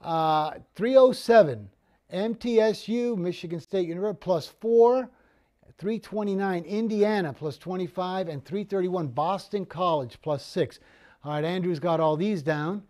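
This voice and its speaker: Male sports talk host, high-pitched, casual and repetitive, studio. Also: a little slow, darkish tone. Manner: chatty, repeats words as he talks. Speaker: sports betting show host.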